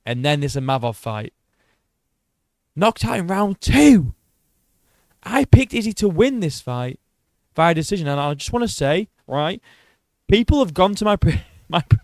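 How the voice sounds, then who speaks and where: A man's voice: on the high side, a little mellow, no room sound. A man giving casual solo commentary on a fighter's career, blunt and sweary, often restarting his sentences. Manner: blunt, swears a lot, many restarts and self-corrections. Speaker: MMA commentator.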